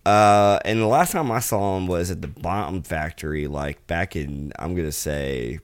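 A middle-aged man co-hosting a podcast, talking in a relaxed, halting way with many fillers. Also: low voice, clean tone. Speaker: podcast co-host. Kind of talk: casual chat.

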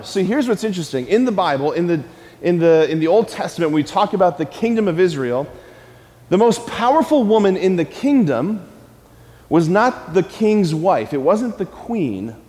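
A man preaching a lively sermon in a church, calling on his listeners to answer back. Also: high voice, long reverb tail. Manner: energetic, calls on the audience to respond.

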